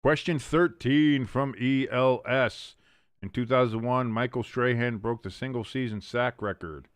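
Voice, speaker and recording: A man hosting a live watch-along stream, calling the plays casually and jumping sharply in pitch and volume on big moments. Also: unhurried, smooth, dry recording, studio quality. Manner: mumbles and scats to himself while thinking. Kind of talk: casual live play-by-play commentary.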